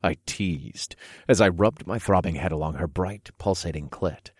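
A man narrates a first-person adult story in a low, commanding way. His voice is very deep and husky. The recording is close and dry, with no room sound. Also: moderate pace, darkish tone, dry recording.

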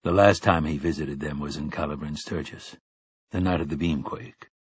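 A man narrating a novel in a steady, measured way. His voice sits low and a little husky. The sound is close and dry. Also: dry recording. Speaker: audiobook narrator. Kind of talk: scripted narration.

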